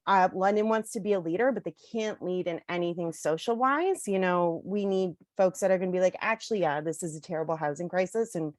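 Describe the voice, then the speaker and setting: A woman's voice: on the low side, fairly quick, hardly any pauses, dry recording. A Canadian woman who works on the front lines of social services, speaking bluntly and angrily at a townhall, with lots of "like" and "you know". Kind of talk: impassioned townhall speech.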